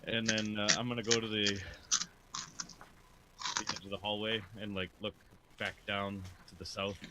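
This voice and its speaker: A man playing a tabletop game, describing his moves in a terse, matter-of-fact way over loud noise and clicks. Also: lowish voice, level tone, normal speed. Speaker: player.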